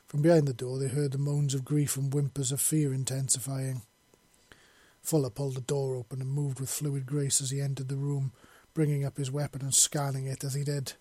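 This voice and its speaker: Guy reading a story chapter, husky mellow voice, dry close sound. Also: medium pitch, flat delivery, fairly quick, no room sound. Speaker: audiobook narrator. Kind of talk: fiction narration.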